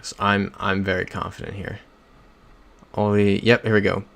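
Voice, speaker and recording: Young male streamer with a low, gravelly voice, chatty and rambling between game rounds. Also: level tone, normal speed, a bit bright. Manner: rambling storyteller who reads chat comments aloud. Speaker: livestreamer. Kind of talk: casual chat while playing a geography game.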